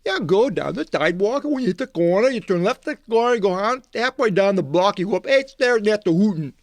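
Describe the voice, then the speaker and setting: A man putting on an impatient male gate guard who rattles off rapid, clipped directions. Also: high-pitched, expressive, no room sound, pitched above the performer's own voice.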